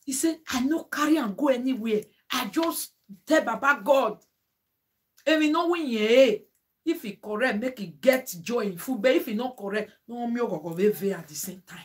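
A woman's voice: a little high, normal speed. A woman vlogger with a Nigerian Pidgin accent, talking casually and emphatically to her viewers with preachy asides. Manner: emphatic, exclaiming.

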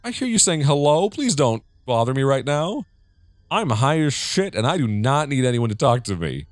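A man's voice: mid-range voice, big pitch swings, moderate pace, no echo, soft background music. A man from the United States giving rambling, profane let's play commentary, with jumpy reactions as he plays a horror game. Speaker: gamer.

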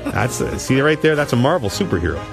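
A man hosting a podcast in casual chat, animated and laughing often with quick asides. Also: medium pitch, music in the background. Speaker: podcast host.

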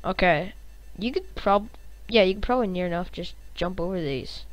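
A woman hosting a gaming channel, giving live gameplay commentary in an excitable, reactive way, cursing and humming little tunes. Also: lowish voice, moderate pace, no room sound, rough recording.

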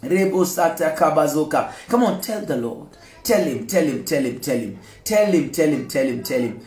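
A man leading a fervent prayer session, repeating lines, shouting and speaking in tongues. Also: mid-range voice, very animated, normal speed. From Kenya. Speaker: prayer leader. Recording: echoey room with background music.

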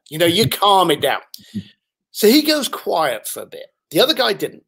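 A man's voice: high voice, wildly swooping pitch, brisk, gravelly, hardly any pauses, a bit bright, slightly rough. A man, a podcast guest, telling anecdotes with animation and acting out the voices of the people in them. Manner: acts out other people's voices while telling stories.

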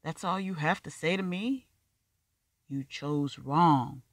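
A reader playing a stern, pitiless Black man who cuts through excuses with blunt, skeptical questions. The voice comes through louder and harder, recorded close and dry. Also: mid-range voice, slow pace, dry recording. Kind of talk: audiobook dialogue reading.

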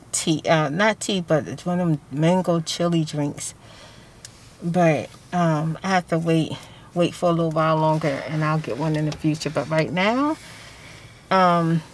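A woman's voice: on the low side, poor audio. A woman chatting casually to her vlog audience from inside a car, rambling and laughing often. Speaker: vlogger.

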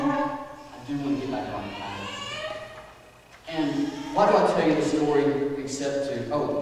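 A man preaching as youth pastor, telling a story on himself in an animated, self-mocking way and acting out his own reactions. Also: on the high side, slight background noise. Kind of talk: sermon with personal storytelling. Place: church sanctuary. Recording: echoey church hall, voice picked up from a distance.

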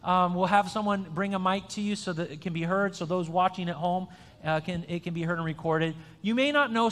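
In a church sanctuary, a high-voiced pastor delivers a casual, joke-filled sermon built around an interactive quiz, frequently starting his sentences over. His tone is a bit bright, and each phrase lingers in long hall reverb.

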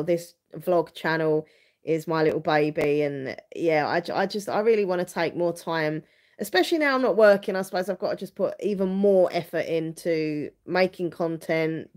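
Chatty woman, low voice. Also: a little mellow. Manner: rambling, frequent restarts and fillers, open and earnest. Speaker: vlogger hosting a livestream. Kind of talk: casual livestream chat.

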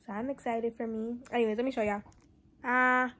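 Young woman vlogger, fairly high-pitched, casual, swears freely, talks straight to camera at home. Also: flat delivery, brisk, pushed and bright. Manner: blunt, swears a lot, slangy and chatty. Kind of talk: casual vlog talk to camera.

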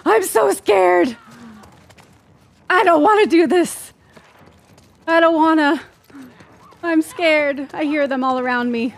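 A woman streaming a video game, reacting excitedly, cursing and laughing and yelping when startled. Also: high voice, slow, gravelly, pauses often, a little hiss or hum. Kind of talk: live gameplay reactions.

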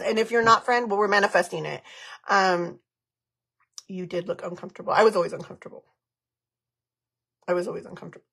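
A vlogger in her thirties chats candidly on a live stream while removing her makeup, emotional and frank, tossing in Spanish slang. Her medium-pitched voice is quick, creaky, and slightly rough, with a fairly bright tone and frequent pauses.

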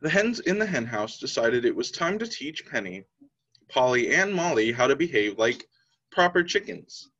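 A man's voice: medium pitch, big pitch swings, normal speed, fairly bright tone. A man teacher reading a children's picture book aloud, telling the story expressively. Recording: slightly dull lo-fi sound.

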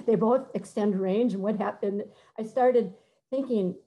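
A middle-aged woman composer giving a conversational talk, halting and searching for words, sometimes singing short phrases to demonstrate. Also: mid-range voice, dark tone, poor audio. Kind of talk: conversational talk with many fillers and restarts.

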